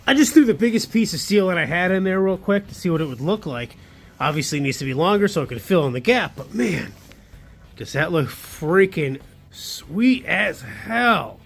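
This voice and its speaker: A man's voice: high voice, expressive, normal speed, gravelly. A man narrating a casual workshop vlog, thinking aloud as he works and cheering his own results with casual slang. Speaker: car builder.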